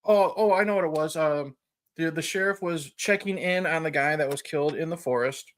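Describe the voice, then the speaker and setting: A man's voice: on the high side, brisk. A man hosting a podcast, retelling a film in a rambling, chuckling casual chat. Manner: rambling, chuckling retelling with frequent "you know". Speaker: podcast host.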